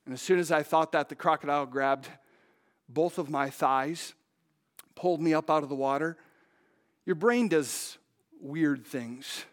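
A man telling a story to an audience from a stage, halting with fillers and dropping to a hush at tense moments. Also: on the high side. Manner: halting, with many fillers and restarts. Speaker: speaker on stage.

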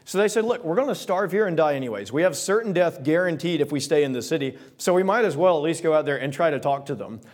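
Guy preaching a sermon, voice on the high side, chatty retelling of bible stories. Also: expressive, a little mellow. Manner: expository preaching, paraphrasing scripture in casual modern words; reads King James verses slowly and solemnly. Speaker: pastor.

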